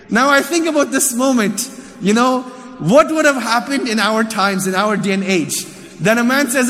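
A man telling a story in a sermon, in an animated, conversational way. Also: very high voice, moderate pace. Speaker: preacher. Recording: long hall reverb.

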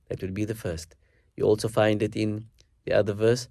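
Low-voiced man teaching recitation. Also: steady tone, vocal fry, dark tone, dry recording, clean studio sound. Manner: measured, explanatory, demonstrating words slowly. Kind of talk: instructional lesson with recited verses.

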